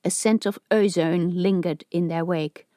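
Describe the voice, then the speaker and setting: A woman narrating a science fiction audiobook in a steady, even storytelling voice. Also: on the low side, measured pace, no room sound, clean studio sound.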